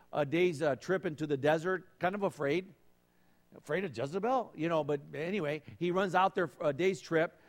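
A man with a fairly high voice preaches to a congregation, telling a story in a loose, conversational way full of fillers, restarts and acted-out voices. His words ring with a long reverb in a hall. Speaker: pastor. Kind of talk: sermon.

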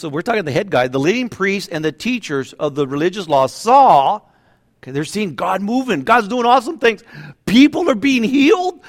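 A middle-aged pastor with a slightly high voice preaches a sermon in a conversational, animated way, acting out voices now and then.

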